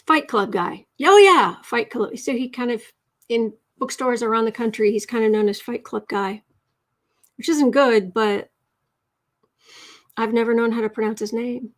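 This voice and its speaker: A woman's voice: on the high side, steady tone, normal speed, long pauses. A woman hosting a casual writing livestream, chatting with viewers and reading out comments before a short lesson. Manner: chatty, reads viewer comments aloud, self-correcting. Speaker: livestream host and writing coach.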